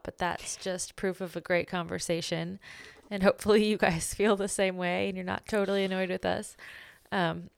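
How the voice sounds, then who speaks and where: A woman's voice: mid-range voice, clear, resonant tone, dry recording. A woman hosting a podcast, tired and yawning late at night, chatting in a friendly, self-deprecating way. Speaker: podcast host. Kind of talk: casual podcast chat.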